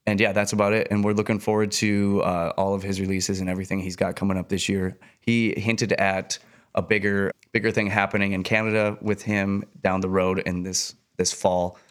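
Laid-back low-voiced male co-host. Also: flat delivery, moderate pace. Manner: laid-back, wraps up and plugs. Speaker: podcast co-host. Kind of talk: casual podcast chat.

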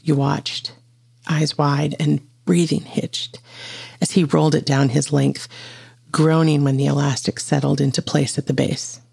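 Raspy narrator reading a story slow and close, vocal fry, no room sound. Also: mid-range voice, level tone, a little mellow, no echo. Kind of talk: scripted narration of an audio story.

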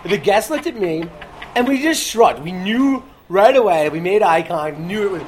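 A man's voice: high-pitched, big pitch swings, normal speed, a little hiss or hum. A young man chatting casually as co-host, teasing and joking through his stories. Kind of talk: casual chat.

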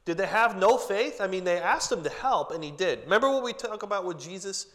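A man's voice: sits high, expressive, brisk, fairly bright tone. A man preaching a casual, joking sermon to a group, with chatty asides. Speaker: pastor. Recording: long hall reverb.

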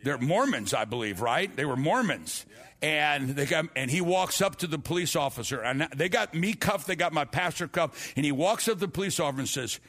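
A man's voice: fairly high pitch, expressive, a little fast, a bit bright. A man preaching a sermon, telling his testimony earnestly with frequent restarts and repeated words.

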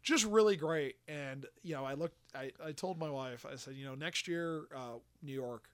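A man casually telling a story on a podcast, animated and swearing, acting out quotes. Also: on the high side, moderate pace, clear, resonant tone, no echo.

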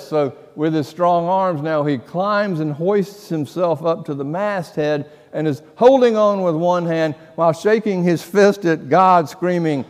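A male pastor with a voice on the high side preaches a sermon at an unhurried, deliberate pace, his words echoing with the long reverb of a church sanctuary. He tells stories dramatically, slow and hushed in some passages before breaking into sudden loud outbursts.

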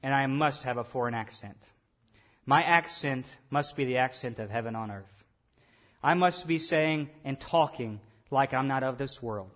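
A man's voice: mid-range voice, moderate pace, a bit bright. A man preaching a sermon, earnest and repeating key phrases for emphasis. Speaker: pastor.

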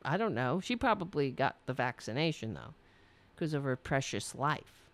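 A woman's voice: extremely low pitch, very animated, moderate pace. A woman giving sarcastic commentary as she reads emails aloud, mocking and swearing freely.

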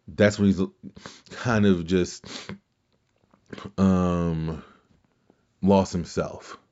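A man's voice: sits low, a little mellow. Rambling, profane male podcast host, lo-fi. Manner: rambling, profane, with restarts and mimicked quotes. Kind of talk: casual wrestling podcast monologue.

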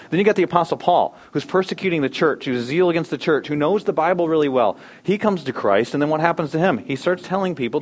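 A man delivering a sermon with a fairly high-pitched voice. He preaches emphatically, stressing key words and then dropping suddenly to a soft, low tone. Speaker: pastor.

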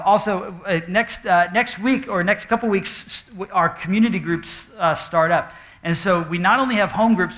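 A male pastor giving casual church announcements and a live Q&A, nervous, halting, with many fillers and light jokes. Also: a little high, fairly bright tone. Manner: halting, full of fillers and restarts, joking. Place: church auditorium with audience.

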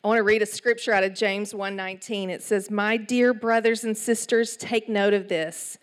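A middle-aged woman with an East Texas accent, preaching a sermon in an animated storytelling way with asides. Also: mid-range voice, normal speed. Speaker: church speaker.

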